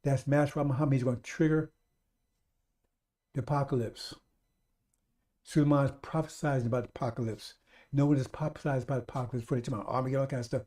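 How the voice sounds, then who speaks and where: Preaching over a live radio stream, a man speaks quickly in a medium-pitched, steady, dark tone, broken by long pauses. His sermon is an urgent, repetitive exhortation to listeners he calls brothers and sisters.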